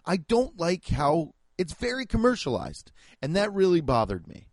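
A man's voice: fairly high pitch, huge pitch swings, normal speed, dry recording. Fired-up young man ranting, profane. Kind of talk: comic rant.

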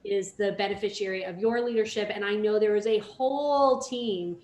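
A woman's voice: medium pitch, moderate pace, darkish tone. Effusive woman in a roomy space. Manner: effusive, full of praise. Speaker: podcast co-host. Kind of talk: casual interview chat. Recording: roomy echo.

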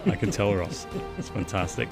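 A man's voice: lowish voice, big pitch swings, normal speed, creaky, over music. A man co-hosting a casual movie podcast, joking and teasing his co-host and laughing often. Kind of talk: casual chat.

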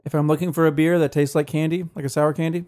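A man's voice: a little high, flat delivery, quick pace, a little mellow. A man co-hosting a casual podcast chat, easygoing and joking. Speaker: podcast co-host.

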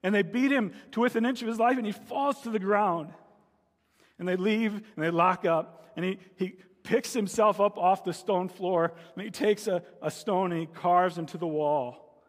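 Pastor preaching in a reverberant hall. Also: male voice, high voice, normal speed. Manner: storytelling, rising to dramatic cries in quoted pleas. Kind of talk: sermon.

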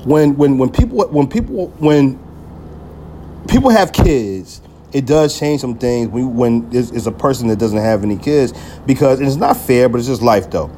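A man's voice: mid-range voice, animated, moderate pace, mellow, slight background noise. Slangy man telling a story. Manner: loose and profane, heavy slang, many "you feel me" fillers. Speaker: podcast host. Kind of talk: casual storytelling monologue.

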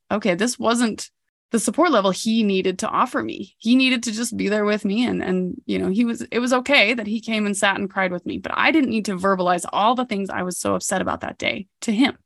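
A woman's voice: mid-range voice, brisk, gravelly, fairly bright tone, dry recording, studio quality. A woman in her thirties hosting a podcast, telling a personal story in a candid, reflective way. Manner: candid and reflective, with occasional laughs. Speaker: podcast host.

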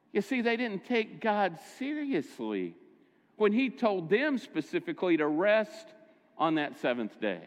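A man's voice: high-pitched, very animated, measured pace, big-room sound. A middle-aged man preaching a sermon as pastor, telling stories in a conversational way and correcting himself as he goes. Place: church sanctuary.

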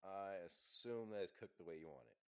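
Deep-voiced young man teasing casually. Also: brisk, pushed and bright, clear, resonant tone. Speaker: podcast co-host. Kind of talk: casual banter.

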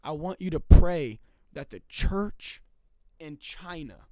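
A man's voice: a little high, lively intonation, slow pace, dark tone, no echo. A man voicing a weeping woman church leader who pleads in his retold story. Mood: pleading. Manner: tearful, pleading.

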